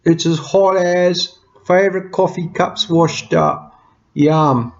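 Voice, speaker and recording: A man's voice: high voice, little pitch movement, takes it slowly, creaky. A man talking earnestly to camera from home in a rambling, homely way about budgeting. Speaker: budgeting vlogger. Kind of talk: casual talk to camera. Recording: slightly muffled lo-fi sound.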